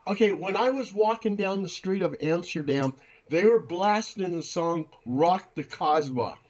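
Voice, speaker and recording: A man telling casual travel anecdotes as co-host, animated as a storyteller. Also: sits high, a little slow. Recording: dull lo-fi recording.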